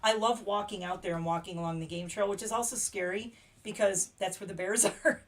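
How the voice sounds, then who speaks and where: A woman's voice: mid-range voice, steady tone, a little fast. Middle aged lady chatting on a livestream, rambly, laughs a lot. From Pennsylvania, USA. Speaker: livestream host. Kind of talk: casual livestream chat.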